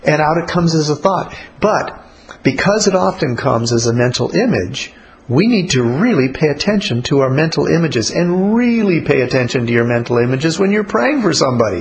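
A man teaching about prayer in a relaxed, conversational way, blunt and colloquial. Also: a little high, moderate pace, poor audio. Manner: blunt, colloquial, acts out little spoken exchanges.

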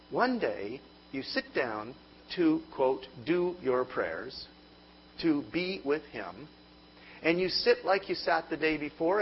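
Animated preacher with lively pitch. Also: male voice, muffled recording, a little hiss or hum. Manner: animated, comic storytelling with mock inner voices. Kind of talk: sermon.

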